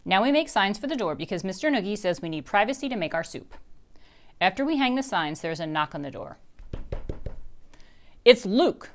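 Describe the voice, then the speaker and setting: A woman reads a children's chapter book aloud with a lively, swooping pitch. Her delivery is expressive and animated throughout. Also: moderate pace, pauses often. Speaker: reader.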